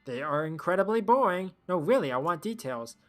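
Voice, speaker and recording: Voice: mid-range voice, animated, a little fast, soft background music. Rambling streamer reading game text aloud. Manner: rambling, thinks aloud, trails off.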